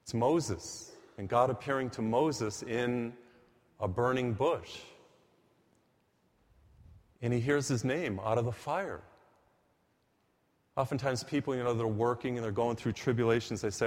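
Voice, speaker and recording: A man preaching a sermon, emphatic and full of stories, slowing down and speeding up to drive his points home. His voice sits in a middle pitch. A long reverb from a big church hall trails each phrase. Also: darkish tone. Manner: storytelling, emphatic, varies pace for effect.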